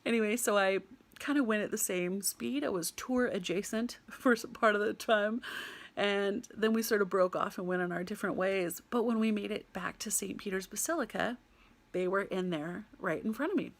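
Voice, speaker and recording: A young woman from the United States tells a personal story with an easy, animated delivery. Her voice carries a light gravelly fry, and she laughs often as she mimics the people she met. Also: mid-range voice, normal speed.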